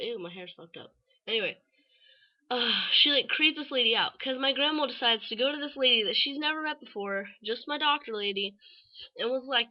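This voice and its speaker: A woman's voice: fairly high pitch, muffled recording. A teenage girl vlogging in a casual, rambling way, full of fillers and offhand swearing. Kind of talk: casual rambling chat to camera.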